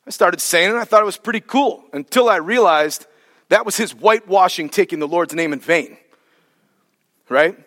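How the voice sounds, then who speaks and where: A man preaching a sermon as pastor, emphatic, drawing key words out slowly for weight. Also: high-pitched, a bit bright. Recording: long reverb of a large hall.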